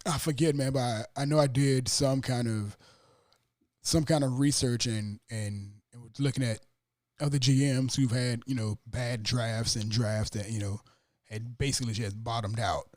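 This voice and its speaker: A man hosting a casual sports podcast, talking fast and acting out his own stunned reactions. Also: mid-range voice, steady tone, a little mellow, dry recording, studio quality. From Atlanta area. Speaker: podcast host.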